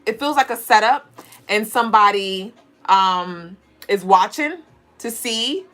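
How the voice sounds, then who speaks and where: Soft music plays behind a woman with an animated, medium-pitched, slightly bright voice who takes her time. She's a livestream tarot reader and astrology host, playful and chatty, often laughing and chatting with viewers.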